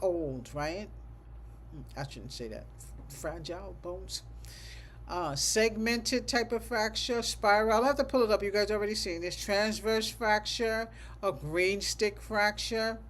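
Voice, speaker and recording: Teaching a livestreamed class, a medical coding instructor thinks aloud, closes most sentences with a checking "okay?", and slowly repeats code numbers. The voice sits at medium pitch and sounds a bit bright.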